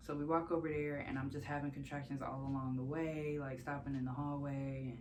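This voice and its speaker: A young woman with a low, deep-set voice tells a personal story to camera, casual and candid. She swears freely and breaks into laughter between sentences. When she quotes herself, her voice leaps much higher. There is a faint hum of room noise behind her. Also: little pitch movement, brisk. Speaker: vlogger.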